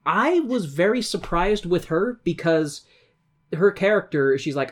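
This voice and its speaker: A woman with a fairly low, lively, unhurried voice co-hosts a casual podcast where she reviews a musical. She chats freely, laughs often, and swears now and then.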